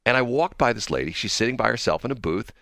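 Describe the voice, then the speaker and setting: A man's voice: medium pitch, animated, fast, creaky, a bit bright, no room sound, clean studio sound. A man hosting a radio talk show, telling a rambling story with chuckles and self-deprecating asides. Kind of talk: casual storytelling chat.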